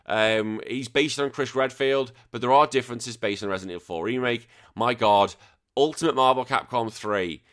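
A man's voice: medium pitch, moderate pace, a bit bright. Ranting man hosting a podcast. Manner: opinionated, ranting, many restarts. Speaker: podcast host. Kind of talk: casual solo commentary.

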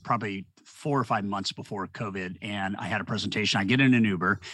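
A middle-aged man tells stories in a lively interview, acting out the people he quotes. His voice is bright and forward, a little on the low side, and it sounds dry and close to the mic. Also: fast, dry recording. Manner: animated storyteller, acts out quoted voices. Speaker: author and speaker; podcast guest. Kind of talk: storytelling conversation.

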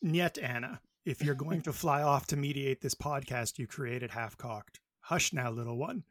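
A man's voice: mid-range voice, moderate pace, fairly bright tone, no echo, studio quality, lightly acted. A man playing a bossy fake-Russian man, condescending, hammy. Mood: patronizing. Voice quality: mock Russian accent, patronizing.

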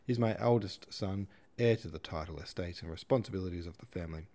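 A man's voice: low-pitched, fast talker, warm tone. A man doing a grandiose, talkative father. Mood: expansive. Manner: grand, theatrical and opinionated. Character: flamboyant middle-aged man, a proud and talkative father. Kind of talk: audiobook character voice.

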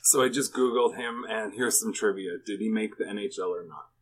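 A man's voice: on the low side, fairly quick, slight background noise, poor audio. A man hosting a casual interview, asking easygoing, curious questions and checking facts. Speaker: podcast host.

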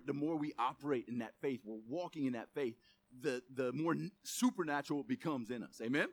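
A male pastor preaching with animated energy, mixing in casual, joking asides. His voice is high and bright, and the recording is dry and close. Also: no room sound. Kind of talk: sermon.

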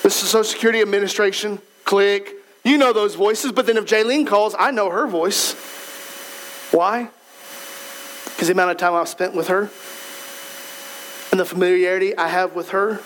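A man's voice: sits high, moderate pace, long pauses, a bit bright, low-quality recording. A man preaching a sermon as pastor, in a conversational, emphatic way, speaking straight to the congregation in a church.

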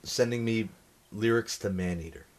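A man's voice: lowish voice, moderate pace. A man co-hosting a podcast, joking around and slipping into silly put-on voices. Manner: animated jokester, puts on voices. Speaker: podcast co-host. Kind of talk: casual podcast banter.

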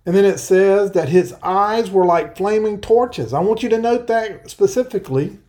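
A man preaching an earnest verse-by-verse sermon, explaining scripture and reading passages aloud slowly. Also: high-pitched, dark tone. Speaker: pastor. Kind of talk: Bible-teaching sermon.

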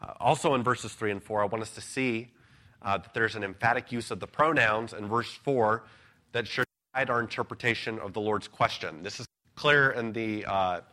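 A man preaching an earnest, measured expository sermon, pausing now and then with an "uh". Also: on the low side, pushed and bright. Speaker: pastor.

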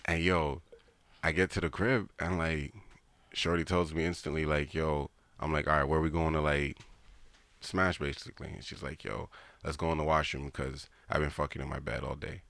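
A man's voice: a bass voice, little pitch movement, normal speed, creaky, fairly bright tone, no room sound. A man giving blunt, slangy advice in a casual chat, lecturing his friend.

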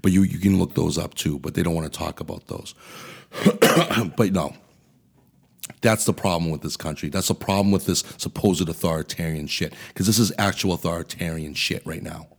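Really deep raspy guy ranting on his podcast, swears a lot, blunt. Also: moderate pace. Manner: angry, profane, blunt. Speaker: podcast host. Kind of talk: ranting political commentary.

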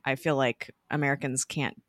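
A woman's voice: a bass voice, little pitch movement, no room sound, clean studio sound. A woman co-hosting a podcast, chatting casually and recapping a TV episode with many fillers and restarts. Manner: chatty, halting, lots of fillers. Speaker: podcast co-host.

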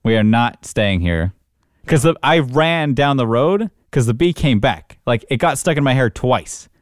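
A man's voice: mid-range voice, expressive, normal speed, no echo, studio quality. A man in casual chat, animatedly telling a story from work and acting out his own panic.

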